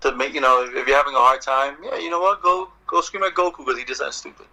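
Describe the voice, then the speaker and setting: Bright, animated man telling stories. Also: medium pitch, very fast, poor audio. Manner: animated, profane storyteller, acts out exchanges. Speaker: poet and guest. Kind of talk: casual podcast conversation.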